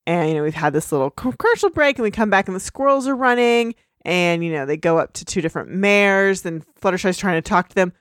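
A woman co-hosting a podcast, recapping a cartoon episode in casual chat full of fillers and quick asides. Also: lowish voice, animated, clear, resonant tone, dry recording, clean studio sound. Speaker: podcast co-host. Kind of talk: casual recap chat with acted character lines.

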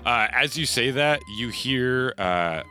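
A man narrating as game master in a relaxed manner, with many fillers. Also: mid-range voice, takes it slowly, faint music behind.

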